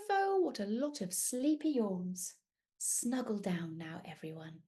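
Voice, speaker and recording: Lively woman reading a story to children. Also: high-pitched, a little slow. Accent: British. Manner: animated, sing-song, asks the children questions. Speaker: children's author reading aloud. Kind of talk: interactive picture-book storytelling for young children.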